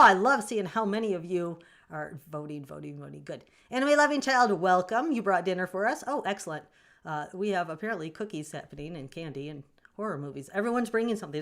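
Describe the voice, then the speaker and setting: A woman with a Southern US accent, hosting her own livestream and chatting with viewers, playful and quick to laugh. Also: lowish voice, a bit bright. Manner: chatty, bursts into laughter, playful mock scolding. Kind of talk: casual livestream chat reading comments.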